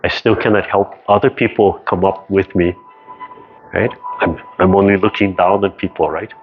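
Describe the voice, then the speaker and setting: A man with a low voice explains tai chi in a relaxed, conversational way, checking in with "right?" as he goes. The sound comes over a muffled video call. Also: normal speed, faint music behind. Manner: conversational, keeps asking "right?", acts out quoted voices. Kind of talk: casual teaching talk.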